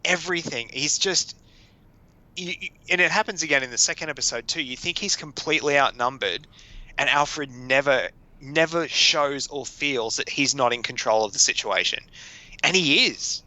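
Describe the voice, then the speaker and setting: Bright, animated man. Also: fairly high pitch, normal speed, no room sound, rough recording. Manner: animated, laughs often, acts out quotes. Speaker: podcast co-host. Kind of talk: casual chat.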